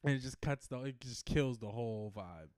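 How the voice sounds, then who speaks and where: A man's voice: mid-range voice, normal speed, darkish tone, smooth, no room sound, clean studio sound. A man co-hosting a casual comedic podcast chat, telling stories in a laid-back way.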